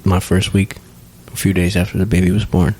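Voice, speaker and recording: A young man speaking as a podcast guest in a candid, earnest conversation, halting often and leaning on "you know". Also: low-pitched, level tone, dark tone, slight background noise. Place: home basement studio.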